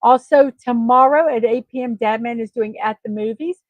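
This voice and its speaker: A woman runs her own morning livestream, chatting in a friendly, casual way full of ums and uhs. Her voice is fairly high and moves at a normal speed. The audio is narrow and tinny, with no echo.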